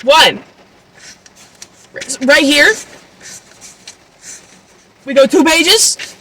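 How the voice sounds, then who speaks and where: A woman's voice: on the high side, animated, moderate pace, background noise. A woman in her twenties recapping a book casually, chatty and incredulous, full of fillers and swearing. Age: 20s. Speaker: book vlogger.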